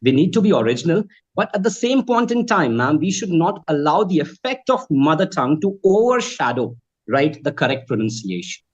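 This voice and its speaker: A man's voice: fairly high pitch, big pitch swings, fairly quick, breathy edge, lo-fi sound. A man with a Bhojpuri mother tongue, a trainer answering interview questions earnestly, politely adding "ma'am" as he gives advice. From India. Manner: earnest, advising, keeps saying ma'am and right. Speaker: accent trainer and guest.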